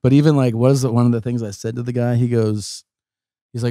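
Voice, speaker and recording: A man's voice: medium pitch, fairly even intonation, brisk, dark tone, no room sound, studio quality. A middle-aged man, a guest comedian, telling stories in casual podcast chat, acting out other people's lines, swearing and laughing as he talks.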